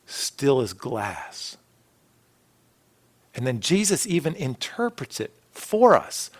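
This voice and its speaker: A man preaching a sermon as a pastor, earnest, with phrases that swell and then drop to a soft hush. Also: mid-range voice, very animated, takes it slowly. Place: church sanctuary.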